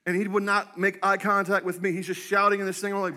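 A man preaching a sermon as pastor, telling stories with animated acted-out voices. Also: high-pitched, fast, few pauses. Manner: animated storytelling, acts out quoted voices. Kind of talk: energetic sermon.

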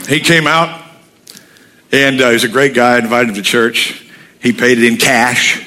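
A man's voice: mid-range voice, fairly quick, sharp tone. A man preaching a sermon, telling humorous stories and speaking bluntly and with animation. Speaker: pastor.

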